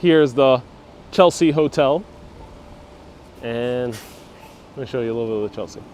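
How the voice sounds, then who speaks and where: A man's voice: medium pitch, moderate pace, a little mellow, a little hiss or hum. A man hosting a live-streamed walking tour outdoors, chatting and reacting to viewer comments. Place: outdoors on city streets. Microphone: wireless lapel mic.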